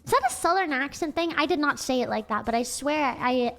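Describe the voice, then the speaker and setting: A woman's voice: high-pitched, expressive, a little fast, hardly any pauses, bright, forceful tone, faint music behind. A woman with an American accent chatting casually on a livestream, giggly and rambling with lots of "like" fillers.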